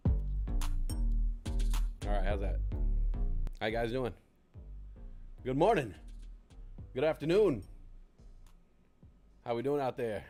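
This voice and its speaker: A man's voice: medium pitch, lively intonation, slow pace, long pauses, dark tone, soft background music. A man hosting a casual livestream who rambles in a chatty, self-deprecating way, close on a desk mic. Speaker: livestream host.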